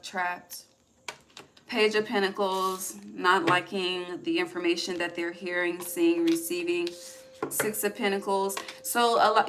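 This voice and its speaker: A woman's voice: lowish voice, fairly bright tone, a little hiss or hum. A woman giving a casual, rambling tarot reading, laughing often and trailing off mid-sentence. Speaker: tarot reader.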